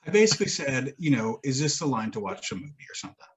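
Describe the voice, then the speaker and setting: Husky man rambling through a story. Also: medium pitch, sing-song, quick pace. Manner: rambling storyteller, swears and laughs often. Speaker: podcast co-host. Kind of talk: casual chat.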